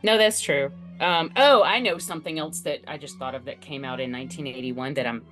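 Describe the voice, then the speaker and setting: A woman guest in a casual podcast chat, eager and animated, laughing easily. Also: sits low, fairly quick, soft background music.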